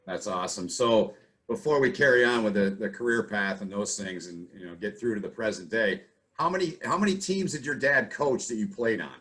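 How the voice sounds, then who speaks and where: A man's voice: lowish voice, a little fast, a bit bright. A man hosting a podcast interview, asking casual, leading questions. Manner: conversational, asks leading questions. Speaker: podcast host.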